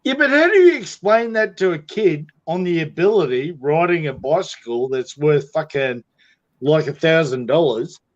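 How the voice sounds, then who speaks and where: High, swinging, profane man. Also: animated, moderate pace. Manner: profane, rambling, heavy swearing. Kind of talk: rambling casual chat. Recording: dull lo-fi audio.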